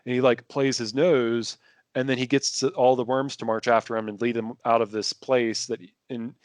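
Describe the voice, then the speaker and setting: A man's voice: mid-range voice, little pitch movement, normal speed, no echo. A man talking casually as a podcast guest, rambling with many restarts and fillers. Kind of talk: casual conversation.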